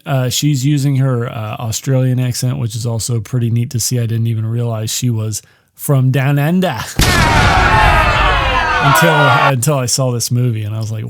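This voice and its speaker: A man's voice: mid-range voice, very noisy. Profane rambling male podcast host. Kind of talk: casual movie review monologue.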